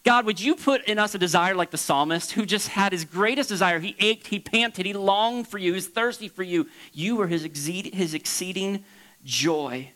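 A man from Florida preaching as a pastor, leaping up high for emphasis and dropping to a soft hush for reflection. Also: moderate pace, poor audio. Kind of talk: sermon.

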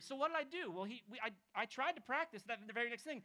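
A man who is a pastor, preaching a conversational expository sermon to a congregation, moving between emphatic raised points and soft, hushed passages. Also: extremely high pitch, expressive, quick pace, few pauses. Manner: storytelling, acting out quoted people.

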